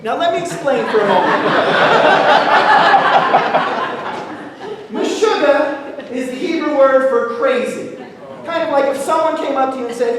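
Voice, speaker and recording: A man's voice: very high-pitched, unhurried, long pauses, a crowd in the background. A man telling a playful, jokey story as a sermon at an interfaith service, heard from far off in a large church sanctuary. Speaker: guest speaker at interfaith service. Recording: echoey hall from far off.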